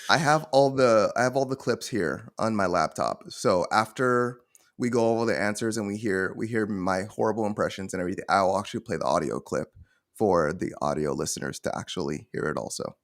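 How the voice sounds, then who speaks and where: A man's voice: lowish voice, fairly quick. A man hosting a casual gaming podcast, explaining game rules step by step and checking in with his co-hosts. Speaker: podcast host.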